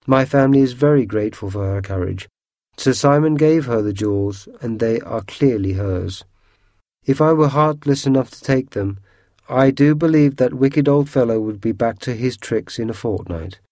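A man's voice: medium pitch, moderate pace, darkish tone, dry recording, close to an everyday voice. A man voicing a grave, gracious old nobleman, formal and courteous in a storybook reading.

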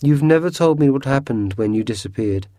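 A man's voice: mid-range voice, animated, a little fast, warm tone, no room sound, lightly acted. A man voicing a tender, courteous young nobleman in a storybook reading. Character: admiring young nobleman husband.

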